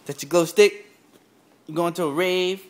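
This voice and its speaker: A woman's voice: lowish voice, a little slow. A woman at home filming her toddler on a handheld camera, coaxing him in a playful, teasing way. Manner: playful, coaxing baby talk. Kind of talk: casual home video chat.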